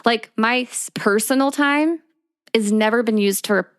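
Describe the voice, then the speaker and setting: A woman's voice: fairly high pitch, normal speed, fairly bright tone, smooth, no echo, clean studio sound. A woman co-hosting a casual podcast, telling her own story in a candid, matter-of-fact way. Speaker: podcast co-host.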